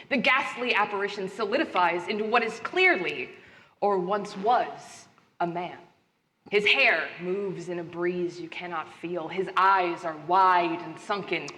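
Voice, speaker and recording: A woman narrating a horror tabletop game as game master, with measured, theatrical pacing. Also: mid-range voice, sharp tone. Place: live stage at a gaming convention. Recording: echoey convention hall with faint noise.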